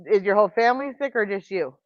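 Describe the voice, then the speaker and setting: A woman's voice: mid-range voice, lively intonation, fast, no echo, lo-fi sound. A woman chatting with a friend on a video call, rambling and restarting her sentences. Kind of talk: casual chat.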